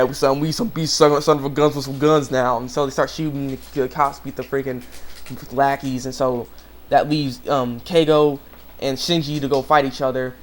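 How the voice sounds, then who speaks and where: A man giving a casual, rambling episode review, full of fillers and restarts, now and then acting out characters' lines. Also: medium pitch. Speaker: anime reviewer. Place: home room with a dog nearby.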